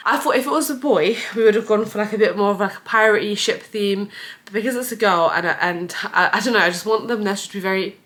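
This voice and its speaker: A woman's voice: medium pitch, fast, fairly bright tone. A young woman chatting casually in a vlog, full of "like" fillers. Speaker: vlogger.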